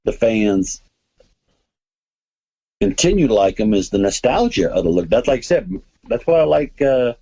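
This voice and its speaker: Over dull-sounding audio, a podcast host with a dark, breathy voice on the low side rambles with enthusiasm about comics and films. His talk is casual and full of restarts.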